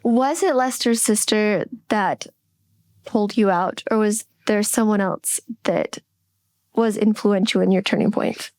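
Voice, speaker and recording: A middle-aged woman talks openly on a podcast, her voice set at an ordinary middle pitch. She is reflective and halting, often backing up to restart a thought. The sound is dry and close, with no room echo. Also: a little mellow. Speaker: podcast co-host. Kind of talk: candid podcast conversation.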